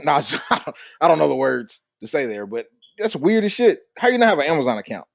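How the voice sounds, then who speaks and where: A man co-hosting a casual podcast, talking quickly and loudly. He jokes and swears freely. His voice sits a little high, and the sound is dry and close. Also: sing-song, gravelly, no room sound. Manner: loud, joking, swears freely. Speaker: podcast co-host. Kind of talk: casual banter.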